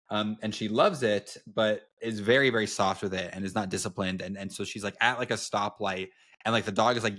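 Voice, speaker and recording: A young man with a lowish voice co-hosts a podcast in relaxed conversation. He tells stories at an easy pace, full of fillers and restarts. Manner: storytelling, many fillers and restarts. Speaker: podcast co-host. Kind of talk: casual chat.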